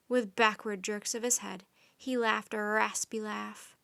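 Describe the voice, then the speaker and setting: A woman reading a children's story aloud in soft, even narration. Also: mid-range voice, measured pace, vocal fry, clean tone.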